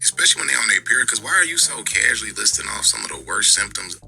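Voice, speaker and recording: A man telling a stand-up comedy story in a punchy, animated way. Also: fairly low pitch, very fast, gravelly.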